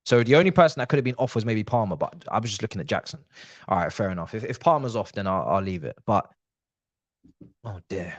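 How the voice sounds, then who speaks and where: A man's voice: fairly low pitch, lively intonation, fast, no echo, dull audio. A man hosting a live football watch-along, talking straight to his viewers as a passionate fan.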